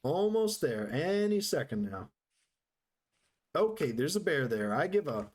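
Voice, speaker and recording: His voice sits a little high with a sing-song lilt, and he speaks a touch slowly. While playing a game on a live stream, he rambles to viewers with jokes and sarcasm.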